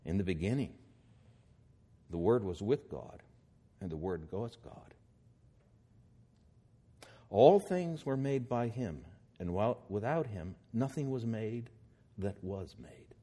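A man's voice: on the low side, very animated, takes it slowly, pauses often, mellow. A man preaching a sermon, reading scripture aloud and then explaining it with growing emphasis.

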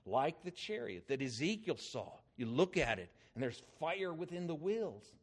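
Older male preacher, somewhat high voice, animated storytelling sermon delivery. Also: moderate pace. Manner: animated, emphatic storytelling with swings in loudness.

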